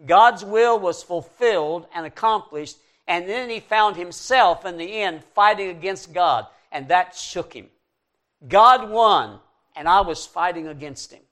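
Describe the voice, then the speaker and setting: A man preaching a sermon in an earnest, emphatic way, pushing key words up loud and letting conclusions drop soft. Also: sits high, measured pace, hardly any pauses.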